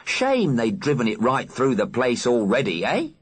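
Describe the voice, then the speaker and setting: A big, sneering workman taunts with mocking asides, as a male narrator puts him on. The voice is husky and lively in pitch, pushed a little higher than the reader's own. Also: moderate pace. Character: sneering burly male bulldozer driver.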